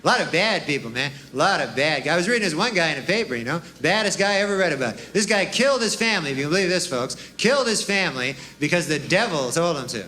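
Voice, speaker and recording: A man's voice: fairly high pitch, expressive, fast talker, hardly any pauses, sharp tone. A man performing stand-up comedy on stage, with a rambling, dry delivery full of "you know" and "huh" tags. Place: stage before a live audience. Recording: live club recording with audience laughter and noise.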